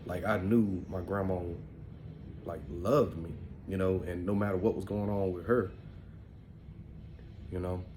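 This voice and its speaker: A middle-aged man with an African American Vernacular English accent tells stories in a loose, rambling way, dropping "man" and "you know" all through. His voice sits low and mellow. A faint hum of background noise runs under it. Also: fairly even intonation, unhurried, pauses often. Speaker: podcast host. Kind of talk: casual storytelling monologue.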